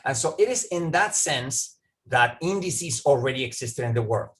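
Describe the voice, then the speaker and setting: A man's voice: mid-range voice, animated, moderate pace. A man answering an audience question in a lecture over a video call, talking discursively, repeating words as he starts sentences and often checking in with "right?". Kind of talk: academic Q&A answer.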